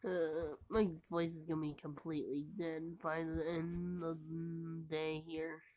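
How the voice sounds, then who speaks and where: A woman who is sick and hoarse, talking tiredly through a game and often dropping to a whisper. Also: deep voice, flat delivery, unhurried, noisy background. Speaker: gamer. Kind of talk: casual gameplay commentary.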